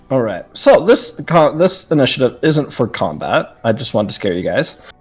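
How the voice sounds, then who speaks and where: A man narrating a tabletop game as game master, describing scenes in a relaxed way with frequent ums. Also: mid-range voice, a little slow, breathy edge, soft background music.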